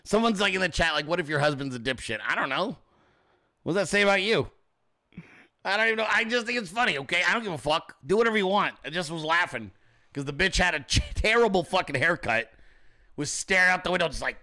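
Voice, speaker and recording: A man's voice: fairly high pitch, expressive, quick pace, sharp tone. A man hosting a casual livestream, mocking and profane, laughing often and switching into sarcastic put-on voices. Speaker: host.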